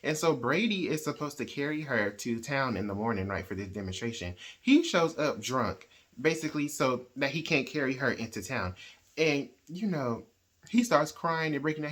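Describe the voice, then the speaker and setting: A man hosting a reading channel, casually retelling a novel's plot in a chatty, animated way and acting out the characters' lines. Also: mid-range voice, moderate pace. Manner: animated storyteller who acts out quoted characters; conversational, with frequent "like" and "right?".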